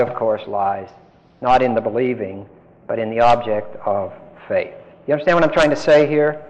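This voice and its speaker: A man's voice: fairly high pitch, big-room sound, poor audio. A man giving an emphatic Bible-teaching lecture, putting questions to his listeners as he explains. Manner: emphatic, asks the class questions.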